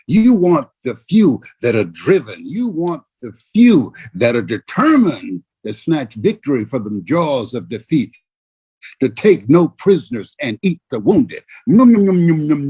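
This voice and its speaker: An older man giving a motivational speech in a husky voice, preaching with big swings between shouts and low murmurs. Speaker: motivational speaker. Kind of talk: motivational speech on a video call.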